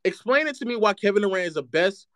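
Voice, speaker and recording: A man's voice: high voice, lively intonation, fast talker, a bit bright, no room sound, clean studio sound. A man streaming live, ranting about basketball in a sarcastic, mocking way and repeating phrases for effect.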